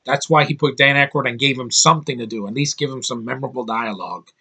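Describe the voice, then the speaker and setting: A man's voice: mid-range voice, quick pace, vocal fry, bright, forceful tone, husky. A man reviewing a movie in a casual vlog, rambling and opinionated with emphatic bursts.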